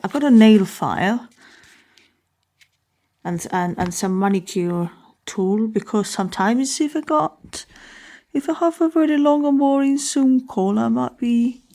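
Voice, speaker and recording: A woman's voice: a little high, measured pace, mellow. A woman hosting her own show, talking casually and alone, rambling and correcting herself as she muses aloud. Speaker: podcast host. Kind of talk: casual solo talk.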